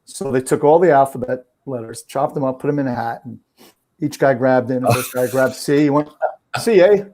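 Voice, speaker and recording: Easygoing New Jersey guest storyteller. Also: male voice, medium pitch, fairly even intonation, brisk, a little mellow. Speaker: guest trainer. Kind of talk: casual chat.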